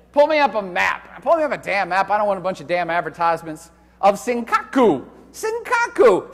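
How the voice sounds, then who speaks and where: Male lecturer, high and expressive, loud, jokey and crude, recorded live in a reverberant hall. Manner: loud, animated, joking and profane. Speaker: university lecturer. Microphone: handheld microphone.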